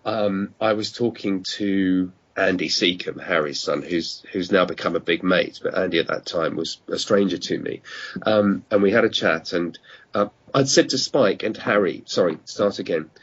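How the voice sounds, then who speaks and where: A man's voice: deep voice, normal speed, husky. A middle-aged man telling rambling anecdotes as a guest, often stopping to correct himself. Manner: rambling storyteller who restarts and corrects himself. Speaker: guest, radio producer. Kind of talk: casual chat, anecdotes. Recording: muffled online call audio.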